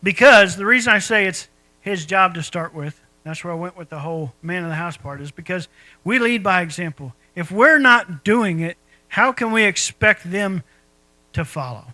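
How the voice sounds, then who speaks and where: A middle-aged man delivers a sermon in a high, bright voice. He preaches in a folksy, conversational way, tossing rhetorical questions at the congregation. The sound is dry and close, with no room echo. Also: expressive, normal speed. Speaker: pastor.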